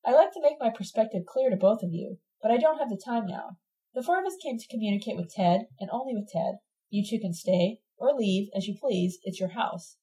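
A woman's voice: medium pitch, animated, fairly quick, dark tone, far from the mic, close to an everyday voice, low-quality recording. A woman voicing a cold, authoritarian young woman who speaks in a curt, formal way, in a read-aloud novel.

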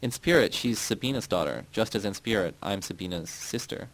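Brief: man voicing a cryptic, self-assured schemer in an audiobook, lowish voice. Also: expressive, brisk, dry recording. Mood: sly. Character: scheming, proud woman, wickedly amused.

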